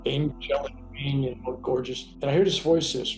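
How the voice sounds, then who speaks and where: A man's voice: mid-range voice, normal speed, creaky. A man, the guest of an interview, telling a personal story in a casual, rambling way and acting out the dialogue. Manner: animated, rambling, acts out quoted dialogue. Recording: roomy sound with faint music.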